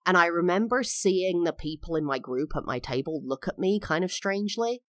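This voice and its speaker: Woman, 30s, podcast host; low voice, dry close sound, open confessional delivery. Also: expressive, a little fast, no room sound. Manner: candid and reflective, with emphatic swells. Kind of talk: personal storytelling monologue.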